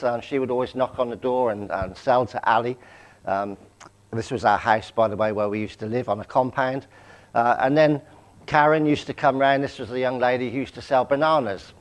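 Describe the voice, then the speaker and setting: A man in his sixties from Southampton, giving a personal testimony talk as a guest speaker, anecdotal with self-deprecating humour. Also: medium pitch. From England, Southampton. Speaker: guest speaker, charity chief executive.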